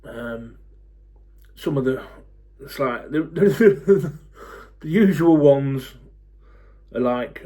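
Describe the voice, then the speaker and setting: A man in his forties, talking to camera in a blunt, fed-up rant, swearing freely and pausing on lots of ums. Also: mid-range voice, expressive, mellow. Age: 40s. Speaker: football fan YouTuber.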